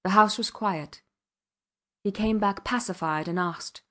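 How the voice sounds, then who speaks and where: A woman narrating a classic novel in a measured, even reading. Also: medium pitch. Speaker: audiobook narrator. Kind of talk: scripted narration.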